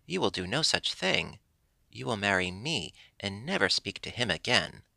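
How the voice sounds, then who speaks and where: A man's voice: fairly low pitch, sing-song, moderate pace, creaky, bright, forceful tone, no room sound, heavily acted. A man voicing a stern, bossy old male rattlesnake in a storybook reading, firm and commanding.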